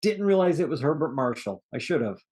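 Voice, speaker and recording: Very animated and fairly quick, this man's slightly high, darkish voice has a breathy edge. He co-hosts a casual movie review podcast, stumbling through cast names with restarts and chuckles at his own jokes.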